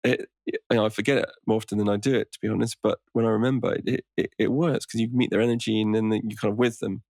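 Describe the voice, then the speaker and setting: A man's voice: on the low side, steady tone, quick pace, gravelly, a little mellow, no echo, studio quality. A man who teaches meditation, a podcast guest talking in an easygoing, rambling way. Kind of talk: casual conversation.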